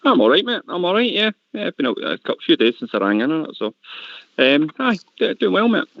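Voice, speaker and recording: A man's voice: high voice, big pitch swings, fast, gravelly, dry recording. A man with a Scottish accent calling into a fan show, easygoing and saying mate a lot. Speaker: caller. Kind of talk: casual call-in chat. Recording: dry, lo-fi call audio.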